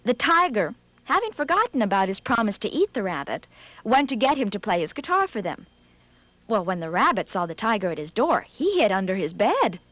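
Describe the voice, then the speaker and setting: A woman narrating a children's storybook in a scripted, expressive read, slowing for effect. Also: medium pitch, dry recording.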